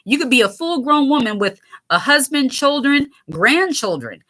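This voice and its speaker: A woman's voice: high voice, big pitch swings, normal speed, a bit bright. A woman in her late thirties hosting a casual livestream, chatting candidly with viewers and laughing often. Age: 30s. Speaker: channel host reading viewer comments.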